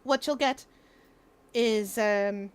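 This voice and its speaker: A woman's voice: a little high, drawn-out words, clear, resonant tone. A young woman streaming from home, chatting casually and explaining things at length, laughing often. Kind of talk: casual livestream chat.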